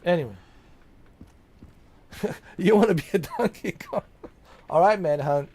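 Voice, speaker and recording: A man's voice: high voice, lively intonation, measured pace, a little mellow, breathy edge. A man streaming a video game, chatting casually and joking with his viewers, laughing often. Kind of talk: casual live-stream commentary.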